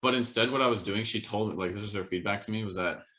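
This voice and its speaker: A man's voice: fairly low pitch, quick pace, pushed and bright. A young man co-hosting a podcast in casual chat, talking in a rambling, hesitant way with lots of fillers. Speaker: podcast co-host.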